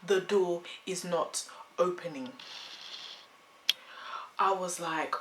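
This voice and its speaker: A young woman in her twenties chatting through a storytime vlog with animated storytelling. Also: mid-range voice, brisk. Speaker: vlogger. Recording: echoey room, faint hum.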